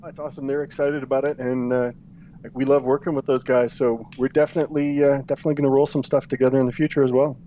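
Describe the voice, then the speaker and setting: A man chats casually as a guest on a call-in podcast. He jokes, laughs often, and now and then slips into gruff voices, with a faint hiss behind him. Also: mid-range voice, level tone, fast, mellow, lo-fi sound. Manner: jokey, laughs often, puts on gruff ogre voice. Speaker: game studio guest.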